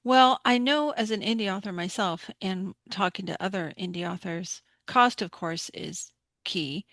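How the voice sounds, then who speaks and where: Gravelly-voiced woman podcast host. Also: medium pitch, unhurried, a bit bright, dry recording, studio quality. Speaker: podcast host, indie author. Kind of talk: podcast interview.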